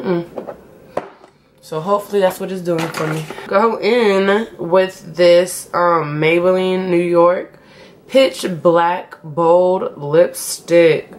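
A woman's voice: lowish voice, steady tone, slow pace, a little hiss or hum. Slangy, chatty young woman vlogger. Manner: chatty, slangy, addresses viewers as y'all. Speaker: beauty vlogger. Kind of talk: casual makeup tutorial talk.

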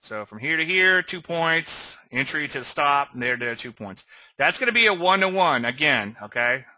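A man's voice: on the high side, lively intonation, moderate pace, sharp tone, dry recording. A man teaching swing trading on a live webinar, rambling and conversational, often checking in with "okay?". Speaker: trading educator.

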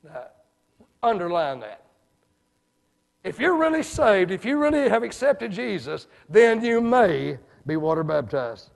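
A man preaching a sermon in a church, folksy, dropping to hushed asides and rising to shouts. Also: sits high, sing-song, unhurried, gravelly. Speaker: evangelist preacher. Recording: reverberant hall.

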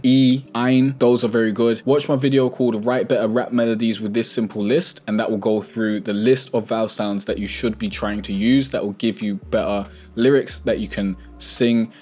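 A young man hosting a music tutorial, explaining in a relaxed, chatty way and correcting himself as he goes. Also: mid-range voice. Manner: relaxed, chatty, self-correcting, plugs own products.

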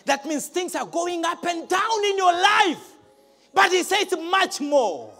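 High, lively man preaching to a congregation. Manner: emphatic, rising to shouts, asks the crowd questions. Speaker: pastor. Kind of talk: live preaching. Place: large church hall.

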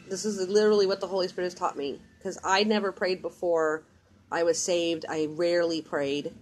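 A woman's voice: mid-range voice, a little hiss or hum. A woman giving casual, earnest religious advice in a vlog, repeating herself insistently and rambling with restarts. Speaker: mother.

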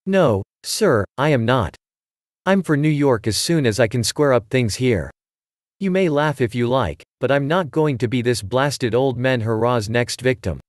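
A man's voice: mid-range voice, lively intonation, measured pace, no echo, lightly acted. Man voicing a nervous jumpy young guy, blunt, dry close sound.

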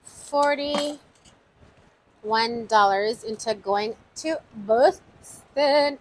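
A woman's voice: on the high side, expressive, takes it slowly, pauses often, fairly bright tone, rough recording. A woman hosting a casual budgeting vlog, chatting to viewers, counting numbers aloud and exclaiming often. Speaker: budgeting channel host. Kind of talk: casual savings-challenge vlog.

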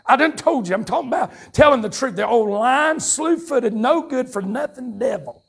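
A Southern man preaching at a campmeeting, his voice pitched high and gravelly with a husky edge. He swings from fiery shouts into quick, folksy asides to the congregation. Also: animated. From North Carolina, USA. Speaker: pastor. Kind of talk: revival sermon. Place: church sanctuary at a campmeeting. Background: congregation calling out responses.

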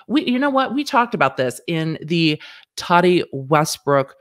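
Frank, animated woman host giving legal commentary, dry room. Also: no echo. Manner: animated, mimics others in quick high-pitched voices; frank, swears casually. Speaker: lawyer and show host. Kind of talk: commentary vlog.

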